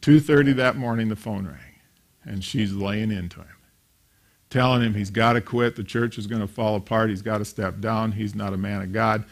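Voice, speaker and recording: A man's voice: lowish voice, steady tone, normal speed, creaky. A man in his fifties preaching a sermon, telling stories and acting out the voices of the people in them. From grew up attending a small country church. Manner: storytelling, acts out voices in anecdotes. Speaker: pastor.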